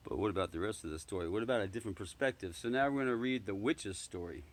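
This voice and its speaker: A man introducing and reading a children's storybook aloud in a relaxed, chatty way with filler words. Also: on the low side, quick pace.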